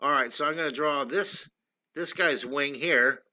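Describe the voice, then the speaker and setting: An older man teaches drawing on a casual livestream, talking in a chatty and enthusiastic way and calling out to his viewers as he sketches. His voice is very bright, sitting a bit high for a man. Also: a little slow. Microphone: computer streaming setup.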